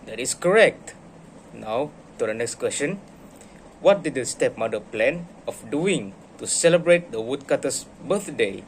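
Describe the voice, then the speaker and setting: A man's voice: medium pitch, a little hiss or hum. A man acting as a teacher, asking questions, praising answers and reading a story aloud in an encouraging way. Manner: slow, encouraging, animated reading. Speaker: teacher in a classroom role-play.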